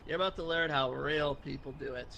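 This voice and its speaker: A cocky man trash-talking his friends in voice chat, his fairly high voice gravelly with a sharp, bright edge. A faint hiss of background noise sits under him. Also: brisk. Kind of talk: gaming voice chat.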